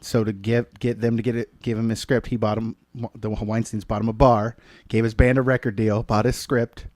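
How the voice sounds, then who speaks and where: A man co-hosting a casual chat who adds short, relaxed reactions and remarks. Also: fairly low pitch, moderate pace, dry recording, clean studio sound. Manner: relaxed, brief reactions and interjections. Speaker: podcast co-host.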